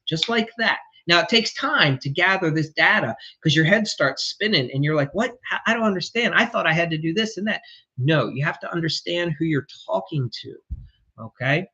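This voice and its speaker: High, bright-voiced blunt male sales coach. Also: breathy edge, highs cut off. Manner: emphatic, blunt, swears casually. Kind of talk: energetic coaching talk.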